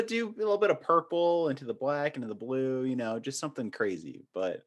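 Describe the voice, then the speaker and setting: A man's voice: medium pitch, lively intonation, brisk. A man hosting a podcast, chatting casually with frequent laughs and fillers. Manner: laughs often, rambling with fillers. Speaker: podcast host.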